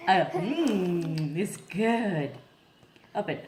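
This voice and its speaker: A woman feeding her baby at home, cooing softly in baby talk and slipping between English. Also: lowish voice, lively intonation, drawn-out words, roomy sound, a little hiss or hum. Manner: coos and speaks softly in baby talk, mixing English and Spanish. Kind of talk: casual home video, talking to a baby. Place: family home at a table.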